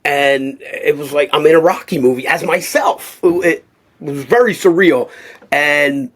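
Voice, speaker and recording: A middle-aged man, a boxing cutman telling rambling, animated stories as a guest in an interview. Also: fairly high pitch, a little slow. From Philadelphia. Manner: animated, rambling, acts out quotes. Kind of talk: casual storytelling interview.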